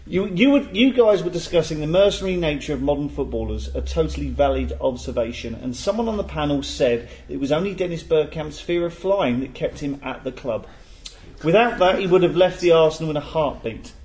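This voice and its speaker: A man's voice: fairly high pitch, animated, fairly quick, a little mellow. A man hosting a casual football podcast panel, reading out listener emails with jokes and stumbles. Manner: jokey, stumbles and laughs while reading. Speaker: podcast host.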